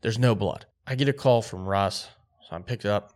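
A man's voice: fairly low pitch, a little fast. A man co-hosting a podcast, telling a story in a casual, laid-back way full of "like" and quoted dialogue. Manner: excited, lively retelling with quoted dialogue; laid-back, filler-heavy speech with frequent "like". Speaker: podcast co-host.

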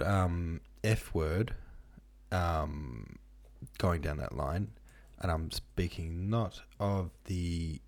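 He hosts a casual book-club podcast, reading listener notes and reference passages aloud and musing over them with many ums and asides. His voice is deep and a little mellow.

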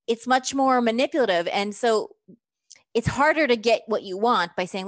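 A woman relationship coach, speaking as an interview guest, lively and emphatic, acting out quoted lines as she explains her method. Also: a little high, moderate pace, dry recording, studio quality.

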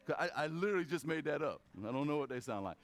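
A man's voice: on the high side, racing, vocal fry. A male pastor preaching a casual sermon, telling stories and acting out voices as he goes. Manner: animated storytelling, acts out voices.

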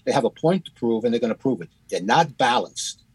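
A man co-hosting a podcast, critiquing a documentary in a casual, halting way with many fillers and restarts. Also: medium pitch, expressive, darkish tone, breathy edge, dry recording, poor audio. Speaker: podcast co-host.

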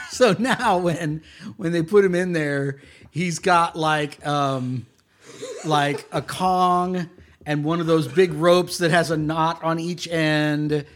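A man's voice: on the high side, slow pace. A man narrating as game master of a tabletop game, giving playful, rambling descriptions.

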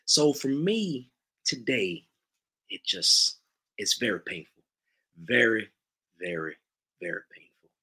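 A man putting on a mopey Southern sports fan with a husky voice and a drawn-out, theatrical delivery. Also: low voice, bright, forceful tone, exaggerated voice. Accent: put-on Southern US. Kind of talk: comic bet-payment bit.

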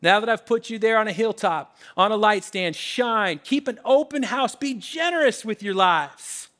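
High-voiced man preaching a sermon. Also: animated, moderate pace, bright, forceful tone. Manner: emphatic, conversational preaching with repeated phrases. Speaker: pastor.

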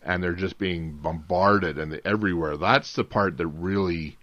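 A man's voice: low voice, moderate pace, no echo. A man co-hosting a casual film podcast, rambling and restarting his sentences. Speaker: podcast co-host. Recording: dull, lo-fi dry sound.

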